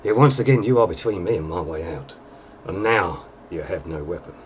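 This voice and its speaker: A man's voice: sits low, expressive, brisk, noisy background. A man voicing a swaggering, drunken male pirate captain with an English accent touched by an American twang, in a slurred, theatrical drawl. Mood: mocking. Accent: English with a slight American twang.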